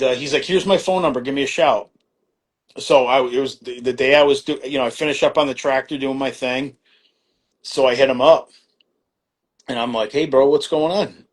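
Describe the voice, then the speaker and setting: Middle-aged man, mid-pitched and relaxed, telling a loose, filler-heavy story as a podcast guest with casual swearing. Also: breathy edge. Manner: rambling, many fillers and restarts, acts out quoted exchanges; laid-back, swears casually.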